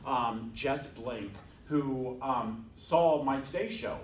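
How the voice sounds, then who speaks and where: A man's voice: medium pitch, takes it slowly, a little hiss or hum. A man giving a guest talk to a class, chatty and self-deprecating, acting out the voices of people in his story. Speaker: guest speaker. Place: conference room at a bank, from a distance. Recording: echoey room, distant mic.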